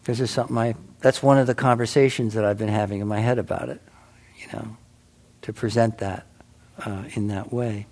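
A man's voice: lowish voice, fairly even intonation, fairly quick, darkish tone. A middle-aged man giving a casual, rambling personal talk at a meditation center, full of restarts and "you know.".

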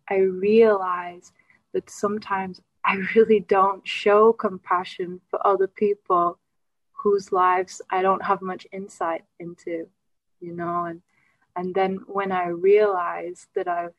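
A woman's voice: medium pitch, no echo. Hesitant woman sharing on a muffled video call. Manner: hesitant, reflective, many fillers. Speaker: meditation participant. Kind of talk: sharing in an online group.

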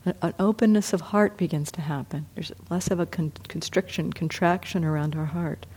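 A woman meditation teacher giving a reflective dharma talk, gently acting out her own inner thoughts as she speaks. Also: fairly low pitch, steady tone, moderate pace, breathy edge.

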